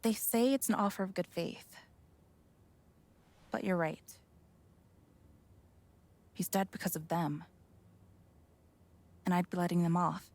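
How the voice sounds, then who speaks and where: A weary, grieving widow from a video game. Her low voice is gravelly and she talks in a subdued, hesitant way. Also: slow, long pauses, darkish tone.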